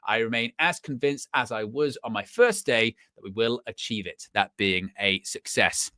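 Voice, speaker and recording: A man's voice: mid-range voice, moderate pace, sharp tone, dry recording, natural voice. A young man putting on a foreign accent to read out a football manager's earnest statement. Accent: put-on foreign accent.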